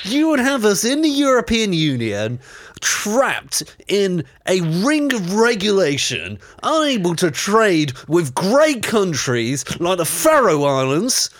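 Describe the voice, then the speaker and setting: A man's voice: high voice, wildly swooping pitch, takes it slowly, a bit bright, dry recording, clean studio sound, heavily acted. A man doing a pompous ranting posh radio host. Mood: indignant. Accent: posh English.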